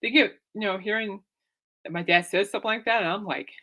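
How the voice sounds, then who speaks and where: Hosting her own show, a young woman tells a rambling story full of laughter, acting out what people said in casual chat. Her voice is mid-range, pushed and bright, and she talks at a quick pace.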